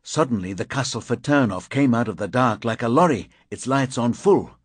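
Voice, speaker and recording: A man's voice: mid-range voice, expressive, normal speed, slightly rough, no room sound. A man narrating a crime novel in the first person, in clipped, fragmentary phrases. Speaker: audiobook narrator.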